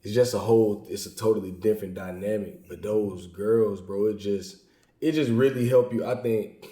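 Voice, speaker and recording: Laid-back host guy, aave, dark mellow voice, roomy echo, hypes up his points. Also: on the low side, moderate pace. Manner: laid-back, affirming, lively bursts of emphasis. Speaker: podcast host. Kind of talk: casual interview chat.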